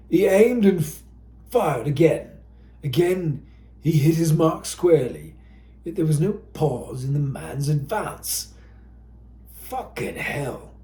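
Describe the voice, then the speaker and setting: A man's voice: fairly high pitch, dark tone, roomy sound. A man narrating an audiobook with a dramatic, tense delivery.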